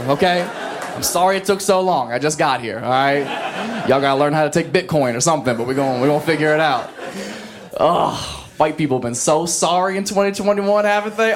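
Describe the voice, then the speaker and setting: Male stand-up, slightly high, brash and profane, live theater, loud crowd laughter. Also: very noisy. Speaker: stand-up comedian. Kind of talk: stand-up comedy routine. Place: large theater stage before a live audience.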